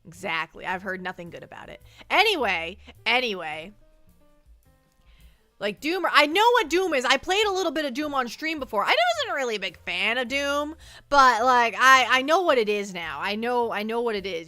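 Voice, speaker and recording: A woman streamer talks casually to her chat, circling back and repeating her words as she rambles. Her voice sits a little high and swings up and down a lot. The sound is dry and close, with faint music under it. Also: big pitch swings, moderate pace, bright, forceful tone, dry recording. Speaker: livestreamer.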